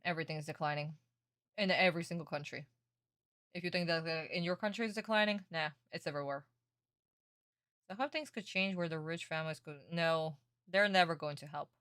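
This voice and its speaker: Young woman reaction streamer; blunt, excitable, dry close sound. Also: low-pitched, brisk, no echo.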